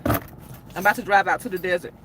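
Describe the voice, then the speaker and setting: A woman, chatting casually to a livestream audience and acting out other people's lines in a higher voice. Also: fairly even intonation, quick pace. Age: 30s. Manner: chatty, acts out quoted people in a high voice. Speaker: vlogger. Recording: loud car and street noise.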